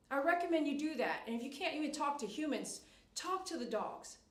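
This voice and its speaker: A woman's voice: high-pitched, expressive, brisk, far from the mic. A middle-aged woman dog groomer chatting on a live stream in her salon, giving emphatic, repetitive advice and coaxing a dog. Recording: echoey room, voice off-mic.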